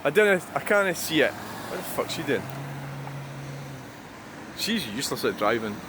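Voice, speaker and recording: A man's voice: mid-range voice, big pitch swings, a little slow. A man rambling and grumbling as he vlogs beside a busy roundabout, swearing freely. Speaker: truck-spotting vlogger. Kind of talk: casual rambling monologue. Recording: outdoor traffic noise. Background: passing cars and trucks.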